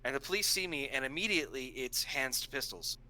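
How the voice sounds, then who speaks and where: A young man with a very bright, forceful voice tells a story in a casual way. He is animated and jumps up in pitch when he acts out what people said. The tone stays loose and chatty. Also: brisk, rough recording. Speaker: stream co-host.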